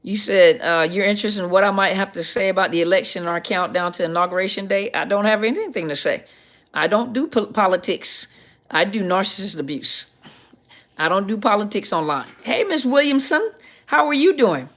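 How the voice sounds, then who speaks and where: A woman's voice: mid-range voice, brisk, fairly bright tone. A middle-aged woman, a counselor, hosting a casual livestream Q&A, chatty and greeting viewers by name as she reads their comments.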